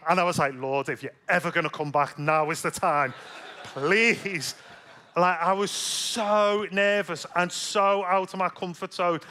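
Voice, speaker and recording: Bright, lively preacher man. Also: high voice, smooth. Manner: chatty storytelling with self-deprecating humor. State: slight cold. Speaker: pastor. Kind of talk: sermon.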